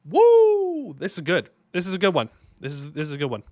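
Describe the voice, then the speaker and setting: A man streaming a strategy game, commenting casually and excitably, talking to himself and his chat with jokey asides. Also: a little high, fast, no room sound, studio quality. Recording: faint music behind the voice.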